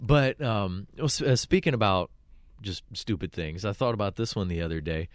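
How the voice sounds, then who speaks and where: A man's voice: lowish voice, moderate pace, dry recording, studio quality. A man from Virginia, co-hosting a radio show, telling a story in casual chat and acting out the people in it. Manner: animated, acts out the people in his stories.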